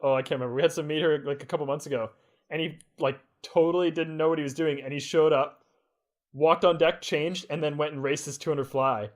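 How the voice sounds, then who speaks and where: A man's voice: a little high, fairly even intonation, fairly quick. A young man co-hosting a casual podcast with friends, laid-back and chuckling. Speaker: podcast co-host. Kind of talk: casual chat. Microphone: headphones on, home podcast mic.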